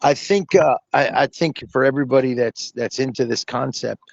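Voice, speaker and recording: A man hosting a casual podcast chat, excitable and rambling, saying dude a lot. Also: mid-range voice, normal speed, creaky. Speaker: podcast host, comic book publisher. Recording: dull lo-fi audio.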